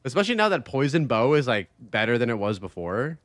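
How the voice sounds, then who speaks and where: A man streaming a game live, chatting casually, reading chat aloud and swearing freely in loose, excitable talk. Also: medium pitch, fast talker, dry recording, clean studio sound.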